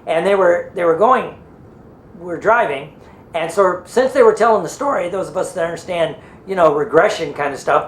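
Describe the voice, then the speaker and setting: A man's voice: high-pitched, echoey room, a little hiss or hum. A man who trains people in hypnosis and NLP, teaching through a loose, rambling story and acting out what people said.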